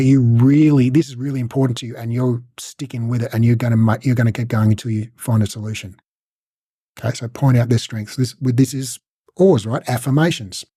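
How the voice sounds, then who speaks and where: A man's voice: mid-range voice, dark tone, slightly rough, dry recording, clean studio sound. A man teaching a casual recorded lesson, talking conversationally and acting out short coach and client exchanges. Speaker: instructor.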